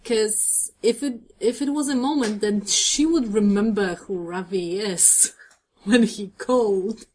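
A woman's voice: mid-range voice, slow pace, darkish tone, a little hiss or hum. A woman co-hosts a podcast with a mid-range voice. She speaks casually and playfully, teasing her co-host with laughing asides. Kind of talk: casual chat recapping a TV episode.

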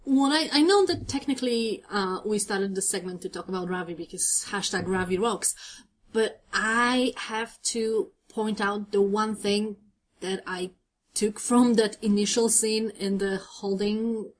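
A woman's voice: mid-range voice, unhurried. A woman co-hosting a podcast, chatting casually and teasing her co-host with laughing asides. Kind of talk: casual chat recapping a TV episode.

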